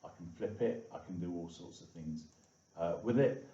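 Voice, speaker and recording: A deep, warm male voice at a moderate pace leads a screen-recorded coding tutorial, talking to viewers in a friendly, chatty manner full of "okay" and "all right." The sound is lo-fi, with a dull, echoey room that makes him seem far from the mic.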